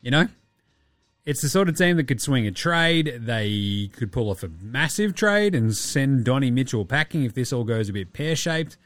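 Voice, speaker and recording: A man's voice: medium pitch, lively intonation, moderate pace, a bit bright, no room sound, faint music behind. Australian man, podcast host, rambling, sarcastic, profane, dry recording. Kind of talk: casual basketball chat.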